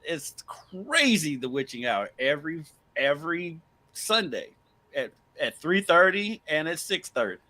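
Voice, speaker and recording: A man co-hosting a casual sports podcast, retelling conversations and laughing freely. His voice sits a little high and sounds bright. It swoops lively up and down as he talks. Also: a little slow. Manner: storytelling, laughs often, lively. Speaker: podcast co-host.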